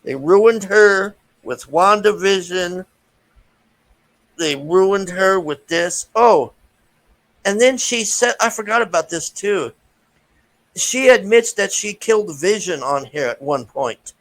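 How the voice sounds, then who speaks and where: Brief: unhurried, frustrated male film reviewer with a higher voice and a profane vlog rant. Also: animated, a bit bright, low-quality recording. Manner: profane, frustrated, many restarts. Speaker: movie reviewer.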